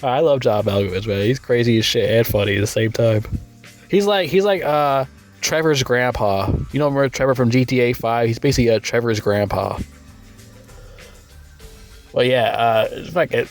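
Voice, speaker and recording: A man casually reviewing a movie, rambling and swearing a lot, with sudden loud, incredulous rants. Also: fairly even intonation, a little fast, soft background music. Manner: rambling and crude, with frequent swearing and fillers; breaks into loud, high-pitched incredulous rants.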